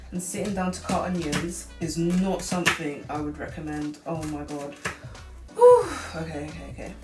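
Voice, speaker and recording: A rambling, chatty teenage girl talks her way through a home cooking video, her voice sitting slightly low. She is caught from across an echoey kitchen, so the sound is roomy and distant. Music plays clearly underneath. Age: late teens. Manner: chatty and rambling, heavy use of "like". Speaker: cooking vlogger. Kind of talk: casual cooking vlog chat. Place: home kitchen, seated at the counter. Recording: echoey room, far from mic, music behind.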